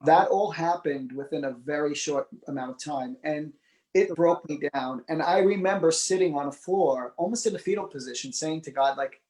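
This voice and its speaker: A man's voice: fairly high pitch, normal speed, poor audio. A man telling his life story in an interview, acting out the voices of people he quotes. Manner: animated, acts out quoted dialogue. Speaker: psychic medium guest.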